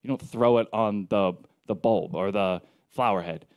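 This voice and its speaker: A man preaching a casual sermon, telling stories in a joking, conversational way with lively asides. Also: on the low side, normal speed, clean tone, dry recording, clean studio sound. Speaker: pastor.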